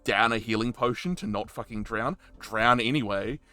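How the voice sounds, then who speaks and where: A man's voice: lowish voice, moderate pace, sharp tone, smooth, dry recording. A man in casual chat, enthusiastically recounting his roleplay moments and swearing freely. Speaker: roleplayer interviewee.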